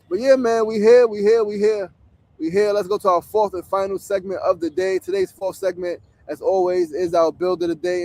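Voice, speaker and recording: A man's voice: high voice, a little mellow. A man, hosting a casual livestream from a tent on a city street, talking bluntly with plenty of profanity. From New York. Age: 40s. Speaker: show host. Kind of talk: outdoor livestream talk. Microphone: phone streaming.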